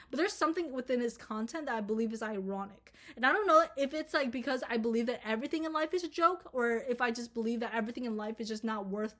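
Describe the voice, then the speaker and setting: A woman's voice: fairly high pitch, a bit bright. A young woman from Minnesota telling a storytime to camera, rambling and swearing, with lots of fillers. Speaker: storytime vlogger. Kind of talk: casual storytime rant.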